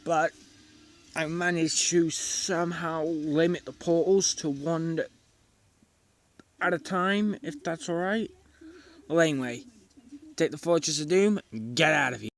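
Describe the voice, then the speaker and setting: A man's voice: a little high, unhurried, long pauses. A man, improvising a fan story in a rambling, casual way. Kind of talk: casual spoken fan fiction.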